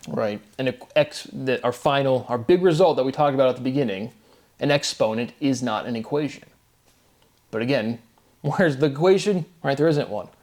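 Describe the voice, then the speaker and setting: A man's voice: mid-range voice, darkish tone. A man talking off the cuff in a monologue video, rambling and grandiose, restarting sentences and tagging them with "right?". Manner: grandiose, bursts of short laughter. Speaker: video creator. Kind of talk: unscripted monologue on math theory.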